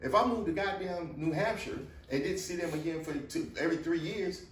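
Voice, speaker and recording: A man's voice: on the high side, fairly quick. A middle-aged man telling stories in casual podcast chat, blunt and profane. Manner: blunt, profane storyteller, animated. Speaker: guest, father of the host. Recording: roomy echo, distant mic, faint noise.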